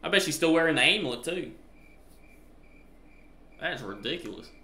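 Joking country-accented gamer. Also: male voice, on the high side, lively intonation, moderate pace, echoey room. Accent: American country. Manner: joking, chatty, loud when scared. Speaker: gaming streamer. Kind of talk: live gameplay commentary.

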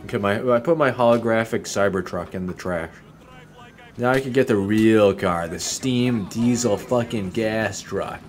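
A man's voice: on the low side, normal speed, slight background noise. A young man giving casual, profane, joking commentary while he plays a video game. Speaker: gameplay streamer.

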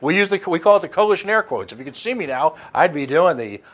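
A man's voice: a little high, big pitch swings, fast talker. A man hosting a radio talk show, speaking animatedly with many restarts and sarcastic asides. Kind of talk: casual political talk.

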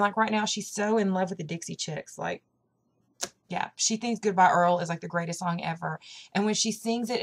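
A young woman with a Southern country accent, rambling through a casual vlog with plenty of fillers and a hyper, caffeinated energy. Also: on the low side. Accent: American Southern country. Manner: chatty and rambling, with lots of fillers. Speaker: vlogger. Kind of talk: casual chat.

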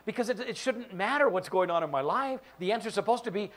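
A man's voice: sits high, fast. A male pastor giving a sermon in church, joking and acting out quoted voices. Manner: animated, jokey, acts out quoted voices. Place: church sanctuary.

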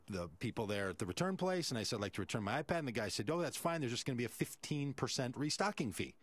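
A man's voice: lowish voice, no room sound. A male radio host, telling a story animatedly and acting out the quoted voices.

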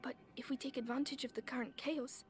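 A woman plays a determined teenage girl in a story game, earnest and protective, her high voice urgent and often dropping to a hush. Faint music runs beneath the game audio. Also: fairly even intonation, fairly quick, lightly acted. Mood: resolute.

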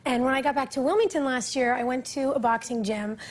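A chatty woman in her twenties tells lively anecdotes as an actress guest on a late-night show. Her voice sits a little high and has a slightly husky edge. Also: brisk. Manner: chatty, animated storyteller. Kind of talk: talk show interview anecdotes. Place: TV studio.

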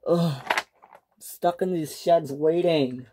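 A woman's voice: sits low, slow pace, noisy background. A woman voicing a grumpy, impatient male toy engine in a homemade storybook tale. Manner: scolding, grumbling.

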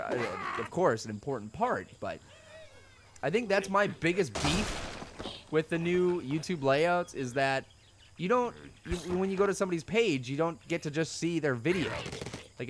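A young man hosting a let's play video, rambling goofily and breaking into loud yells, recorded at home. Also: on the high side, background noise. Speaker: gaming channel host. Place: home room.

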